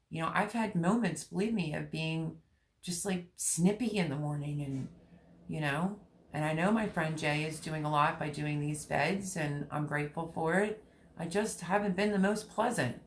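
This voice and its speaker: A middle-aged woman hosting a gardening channel, chatting candidly and emotionally with her viewers, rambling with many pauses. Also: sits low. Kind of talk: personal vlog chat with live viewers.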